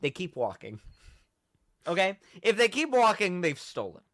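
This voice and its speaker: A young man hosting a podcast, telling a story in a casual, animated way and acting out the quotes. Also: high-pitched, normal speed, no room sound, studio quality. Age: young adult. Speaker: podcast host.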